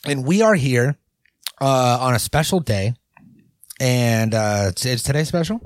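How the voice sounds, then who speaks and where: A man's voice: mid-range voice, expressive, measured pace, dry recording, clean studio sound. A man hosting a podcast in casual, rambling chat, joking and leaning on fillers. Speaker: podcast host.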